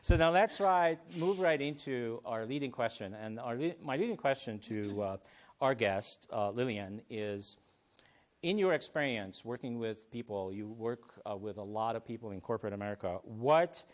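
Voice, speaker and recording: Brief: male talk show host, mid-pitched, affable, laughs easily, lots of filler words, live TV studio panel. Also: animated, normal speed. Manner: friendly, chuckles often, many ums and restarts.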